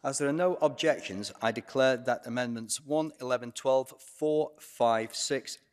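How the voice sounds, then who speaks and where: A man's voice: medium pitch, measured pace, clean tone. A man chairing a parliamentary assembly session in a formal, procedural manner. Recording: long reverb of a large assembly chamber.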